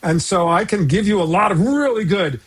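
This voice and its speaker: Husky high-voiced older man, chuckling. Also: expressive, moderate pace. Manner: chuckling, self-deprecating, rambling. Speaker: podcast guest, writer. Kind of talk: casual conversation.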